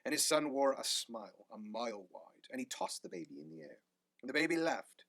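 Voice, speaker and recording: A man reading a rhyming picture book aloud with animated delivery. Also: medium pitch, brisk, gravelly, no echo. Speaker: storyteller.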